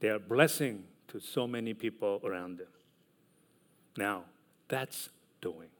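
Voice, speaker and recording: Slow, emphatic male preacher. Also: on the low side. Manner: slow, emphatic preaching with loud peaks and dropped asides. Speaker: pastor. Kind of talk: sermon.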